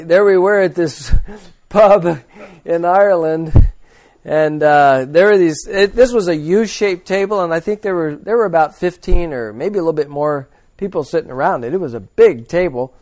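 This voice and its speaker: Guy preacher rambling thru a story, kinda high voice, chuckles a lot, blunt. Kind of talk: informal storytelling sermon.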